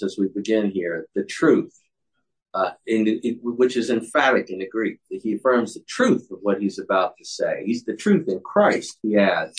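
A man's voice: low voice, low-quality recording. A man leading a Bible study, explaining a passage in an earnest way with frequent restarts.

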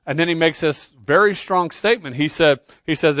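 In a fairly high voice at normal speed, a pastor delivers a heartfelt sermon with no room sound. He alternates loud, emphatic moments with hushed intensity, frequently repeating words at the start of a phrase.

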